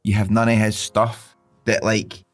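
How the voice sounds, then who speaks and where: A young man, co-hosting a podcast and telling stories about his baby in a sweary, laughing, animated chat. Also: fairly low pitch, a little slow, soft background music. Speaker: podcast co-host. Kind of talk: casual chat.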